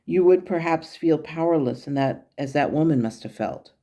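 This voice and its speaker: A woman voicing the wise, gently humorous words of a male angel guide in her own measured, teaching tone. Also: low-pitched, lively intonation. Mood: gently instructive.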